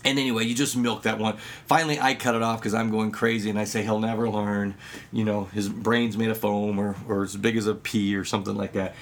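A man who works with children and does magic, giving an instructional talk full of anecdotes and acting out dialogue with lively jumps in his voice. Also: fairly quick. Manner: lively storyteller who acts out dialogue with sudden pitch jumps. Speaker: children's ministry worker and magician.

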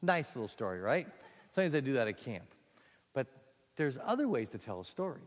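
A man leading a storytelling workshop for an audience, talking in an animated, self-deprecating way and often repeating words as he starts a sentence. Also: mid-range voice, brisk. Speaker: speaker teaching storytelling to children's ministry workers. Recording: long hall reverb.

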